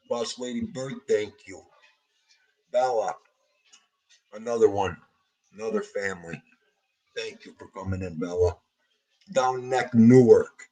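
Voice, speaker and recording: A man's voice: on the low side, a little mellow, poor audio. A middle-aged man hosting a livestream, grieving and tearful as he greets viewers by name in a heartfelt way. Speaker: livestream host.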